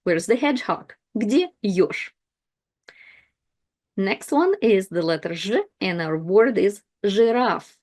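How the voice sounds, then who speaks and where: Woman w/ teaching letters n words, says each one twice, super slow n careful. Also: medium pitch, lively intonation, a little mellow. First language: Russian. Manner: repeats each word twice, slow and deliberate. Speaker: language teacher. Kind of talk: slow, clear pronunciation lesson.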